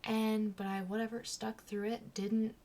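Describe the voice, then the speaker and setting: A woman's voice: on the high side, little pitch movement, unhurried, warm tone. A woman vlogger telling personal stories in a casual, chatty way, laughing at herself often. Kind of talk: casual storytelling.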